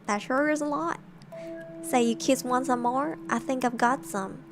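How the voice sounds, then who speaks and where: A creepy, smooth-talking man with an exaggerated Southern drawl, as a woman storyteller puts him on. The voice is slow and friendly with a predatory edge, over faint background music. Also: high voice. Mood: coaxing. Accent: American Southern, put on.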